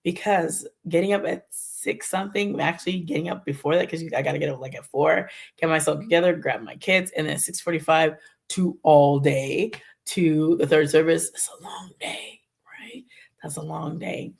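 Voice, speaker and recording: A woman's voice: deep voice, fairly even intonation, normal speed, vocal fry, a little mellow. A middle-aged woman talking in a rambling, conversational way as she shares a candid personal faith testimony on her channel. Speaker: Christian vlogger.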